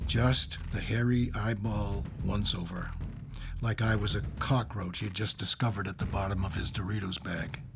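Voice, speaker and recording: A man's voice: on the low side, steady tone, moderate pace, creaky, music in the background. A man who teaches English, telling a personal story in a wry, self-mocking way.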